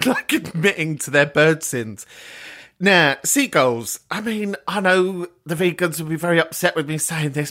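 Giggly podcast host, lively pitch. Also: male voice. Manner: giggly, rambling, sweary. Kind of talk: casual chat.

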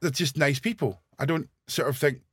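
A man's voice: fairly high pitch, moderate pace, a bit bright, husky, dry recording, clean studio sound. A man in casual chat as a guest, speaking hesitantly with many ums.

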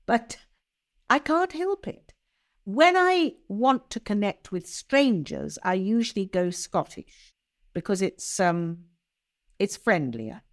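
An older woman with an upper-class English accent and very precise, crisp diction, talking as an interview guest. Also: medium pitch, lively intonation, slow. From England. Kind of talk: conversational interview.

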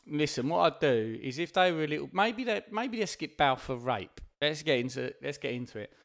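A man's voice: a little high, lively intonation, a little fast, gravelly, a bit bright. A man co-hosting a podcast, chatting loosely with crude jokes and frequent laughter. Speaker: podcast co-host. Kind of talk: casual comedic chat.

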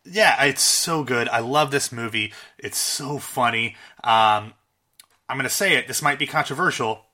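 Bright-voiced man chatting about movies. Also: medium pitch, measured pace. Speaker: podcast co-host. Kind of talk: casual chat about comedy films.

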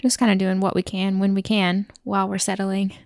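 A woman's voice: medium pitch, flat delivery, fairly quick, vocal fry, no echo. Young woman chiming in, dry sound. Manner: brief agreeing interjections. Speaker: podcast co-host. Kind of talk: casual chat.

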